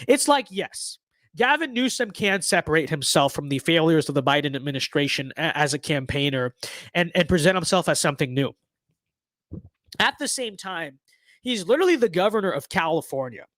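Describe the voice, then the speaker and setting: A man's voice: on the high side, lively intonation, normal speed, a bit bright, no room sound. A young man with a stuffy nose, giving blunt, sarcastic and rambling political commentary in a casual livestream.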